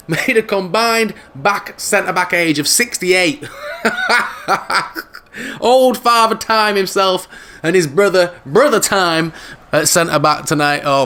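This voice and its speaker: A man giving casual, jokey commentary over his own football video game. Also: high voice. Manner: animated, jokey, football banter. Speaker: gaming video host.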